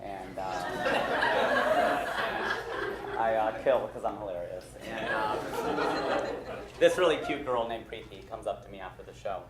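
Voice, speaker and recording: A man in his thirties telling a long story as a stand-up comedian, getting loud at the punchlines. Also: lowish voice, takes it slowly, pauses often, very noisy. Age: 30s. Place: comedy club stage with a laughing audience. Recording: roomy live club with crowd laughter.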